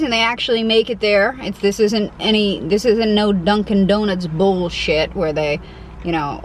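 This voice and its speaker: A woman's voice: on the low side, a little hiss or hum, rough recording. A young woman with a Connecticut accent, chatting casually and self-deprecatingly as she eats in a parked car for her eating vlog. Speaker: mukbang vlogger.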